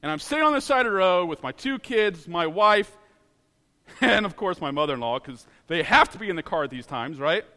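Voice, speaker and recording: A man from Ohio telling a personal story in an animated, dramatic way, laughing at himself as he goes. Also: high-pitched, brisk, big-room sound.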